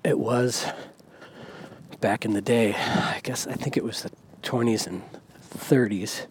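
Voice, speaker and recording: A man's voice: on the low side, fairly even intonation, slow. A man hosting a podcast, talking casually with many fillers as he walks village streets outdoors, recorded on a handheld recorder with faint traffic and wind behind him. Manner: rambling, many fillers, soft-spoken. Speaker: podcast host. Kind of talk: casual walking monologue.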